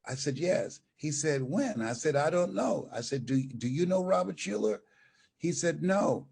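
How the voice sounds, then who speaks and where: Older male speaker, husky, very animated storyteller who acts out every voice in the anecdote. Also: on the high side, measured pace. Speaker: motivational speaker, guest. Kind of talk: storytelling interview.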